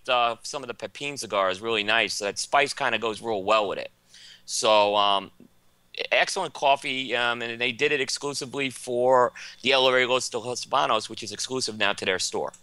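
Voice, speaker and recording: Bright-voiced Brooklyn man reviewing cigars. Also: medium pitch, clear, resonant tone, no echo. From Brooklyn, New York. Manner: enthusiastic, filler-heavy product rundown. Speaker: co-host. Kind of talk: casual cigar review chat.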